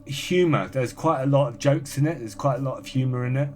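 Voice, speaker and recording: A man chatting as a podcast guest, reading out listener comments in a brisk, offhand way. His voice sits at an ordinary middle pitch, and his delivery stays dry. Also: a little mellow. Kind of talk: casual chat, reading listener comments aloud.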